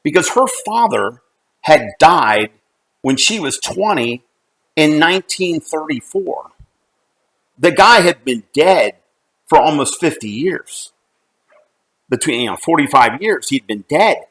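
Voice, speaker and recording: A man's voice: a little high, lively intonation, a bit bright, low-quality recording. Earnest man telling a family story. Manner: earnest, halting, with repeated restarts. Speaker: company CEO. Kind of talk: personal storytelling talk.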